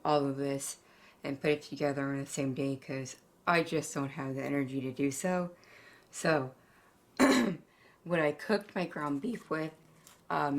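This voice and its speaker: Low-voiced woman rambling to her viewers. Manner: rambling, filler-heavy and emotional, addresses viewers as "you guys". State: short of breath. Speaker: home cooking channel host. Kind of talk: chatty cooking vlog. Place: home kitchen. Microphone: camera on a tripod. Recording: echoey room, mic at a distance.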